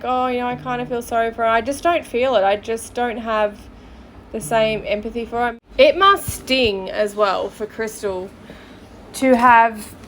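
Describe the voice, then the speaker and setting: Sarcastic woman podcast host, blunt and mocking; fairly high voice, faint noise behind. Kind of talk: casual commentary.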